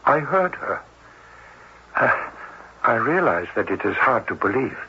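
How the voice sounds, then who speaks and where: An actor playing a cautious, formal cardiologist, speaking in a measured, hesitant way in an old-time radio drama. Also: male voice, medium pitch, very animated, pushed and bright, slightly rough, full character voice. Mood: grave. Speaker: doctor. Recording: dull old radio broadcast with faint hiss.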